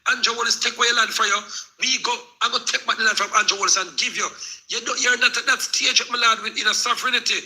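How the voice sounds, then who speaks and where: A man's voice: extremely high pitch, fairly even intonation, quick pace, pushed and bright, rough recording. A Jamaican man in a heated live discussion, preaching at length and repeating "my lord" to the other speaker. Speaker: live stream participant.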